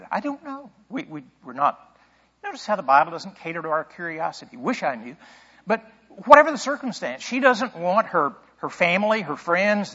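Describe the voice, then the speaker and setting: A pastor preaching a sermon in a conversational way, asking rhetorical questions and thinking aloud. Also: male voice, high voice, bright, forceful tone, slightly rough, big-room sound, lo-fi sound.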